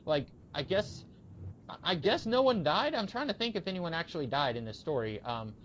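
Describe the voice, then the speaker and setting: A man's voice: a little high, normal speed, muffled recording, crowd noise. A man co-hosting a podcast, chatting casually about comics and rambling through anecdotes. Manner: rambling, animated storytelling with quoted voices. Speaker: podcast co-host. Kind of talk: casual comic book discussion.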